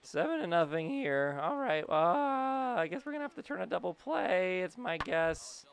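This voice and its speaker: A young man giving casual, excitable commentary while playing a video game, talking to himself and his player. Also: high voice, normal speed, gravelly. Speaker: gaming YouTuber.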